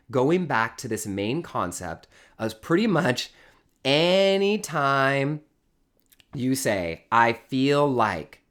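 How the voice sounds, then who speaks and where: A man leading a live online workshop, talking casually and acting out everyday small talk as he teaches. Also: mid-range voice. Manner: animated, acts out quoted small talk; casual, addresses listeners as y'all. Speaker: workshop leader. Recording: loud guitar music behind the voice. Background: live guitar music.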